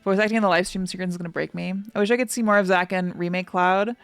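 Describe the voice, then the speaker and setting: A woman streamer reacting to a game on a live stream, chatting casually and gushing excitedly, her talk full of "like" fillers. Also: lowish voice, fast, smooth, no room sound, soft background music.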